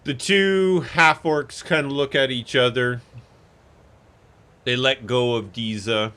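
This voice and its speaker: A man's voice: mid-range voice, slow pace, pushed and bright, clean tone. A man narrating a tabletop game as game master in a loose, chatty way.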